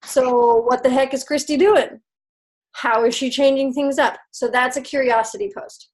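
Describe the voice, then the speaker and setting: A woman's voice: sits high, steady tone, normal speed, a little mellow. A woman leading her sales team on a video call, giving casual motivational tips, upbeat and chatty with frequent laughs.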